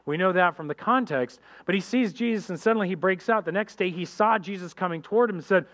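A pastor preaches a sermon in a high-pitched voice, animated and speaking straight to the congregation. He acts out characters in quick voices.

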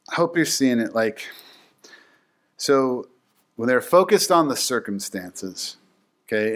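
A man giving casual Bible teaching, telling stories in an animated, chatty way full of fillers. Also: medium pitch.

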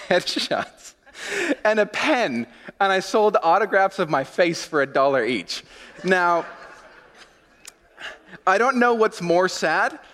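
A man's voice: fairly high pitch, a bit bright. Man preaching in a reverberant church. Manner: chatty, self-mocking storytelling with prayer. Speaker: pastor. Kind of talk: sermon with personal story. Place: church sanctuary. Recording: long reverb of a church hall.

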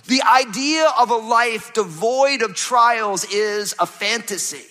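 A man preaches a sermon in a high, bright, forceful voice, swinging from loud emphasis to hushed low passages. His voice rings out with a long reverb, as in a church sanctuary. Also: measured pace, few pauses. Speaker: pastor. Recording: reverberant hall.

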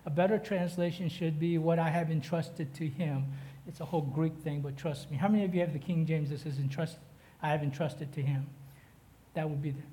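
A high-pitched man preaching to a congregation. He mixes playful asides and banter with the people in the pews, then climbs higher and louder as he drives home the scripture. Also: fairly even intonation, brisk. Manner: jokey, chatty asides to the congregation; rises in pitch and force when preaching the text. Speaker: guest preacher. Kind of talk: sermon.

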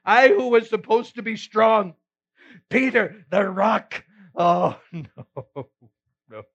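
A man's voice: sits high, lively intonation, slow, fairly bright tone, full character voice. A man playing the apostle Peter, retelling his failings in an earnest, emotional first-person monologue with sighs and rueful laughs. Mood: remorseful. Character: remorseful apostle Peter, adult man, earnest and self-reproaching. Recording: slightly muffled recording.

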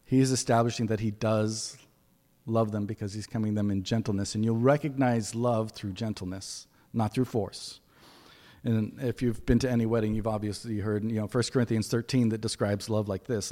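A man's voice: fairly low pitch, fairly even intonation, normal speed, mellow, long reverb tail. A man giving a conversational sermon with folksy asides as preacher.

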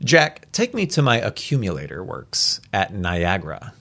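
A man voicing a gruff, impatient wealthy husband in a read-aloud story. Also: sits low, huge pitch swings, a little slow, fairly bright tone, exaggerated voice. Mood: grumpy. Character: grumpy wealthy middle-aged husband.

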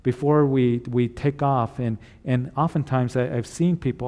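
Man preaching, mellow voice, long reverb. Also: medium pitch, fairly even intonation, moderate pace, hardly any pauses. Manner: retells scripture in casual paraphrase with acted voices; earnest, encouraging. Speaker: pastor. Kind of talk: sermon, reading scripture and retelling it.

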